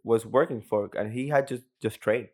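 A young man co-hosts a casual podcast, telling rambling stories packed with filler words. His voice is medium-pitched and a little mellow, at a normal speed.

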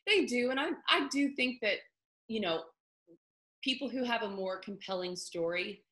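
A woman's voice: fairly high pitch, expressive, moderate pace, pushed and bright. A young woman, a country singer, chatting casually in an interview with lots of fillers. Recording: echoey room.

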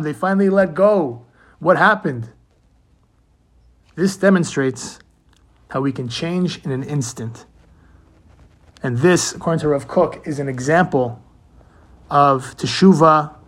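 Earnest man teaching Torah, higher voice. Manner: earnest, asks rhetorical questions, mixes in Hebrew terms. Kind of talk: weekly Torah portion talk.

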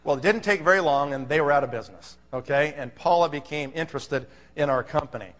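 This presenter speaks on the high side at a quick clip, his tone a bit bright and trailed by a long reverb tail. He's telling a story to a live seminar crowd in an emphatic, chatty way, frequently tossing in "okay?" to check on them.

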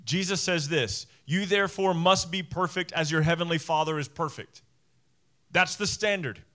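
A man with a high, bright voice preaches a sermon to his congregation. He is emphatic, doubles up his words and slips into little acted voices for the people he quotes. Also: moderate pace. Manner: emphatic, repeats phrases, acts out quoted voices. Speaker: pastor.

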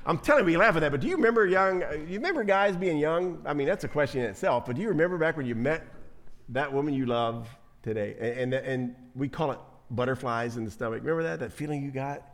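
A man preaching a sermon as pastor, animated, acting out quoted voices and often repeating himself. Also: a little high, fast.

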